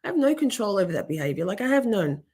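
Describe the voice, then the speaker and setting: A woman's voice: mid-range voice, big pitch swings, fast, a little mellow, husky. A young adult woman talking on a livestream, rambling and interrupting herself, swearing often as she vents about something personal while thanking viewers in chat. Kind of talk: emotional personal livestream talk.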